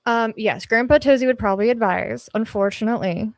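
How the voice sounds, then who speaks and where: A woman's voice: fairly high pitch, fairly quick, no echo. Casual swearing woman streamer on a dry mic. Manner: chatty, swears freely, laughs often, trails off with ums. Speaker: livestream host. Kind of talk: casual livestream chat reading comments. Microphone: podcast dynamic mic on an arm.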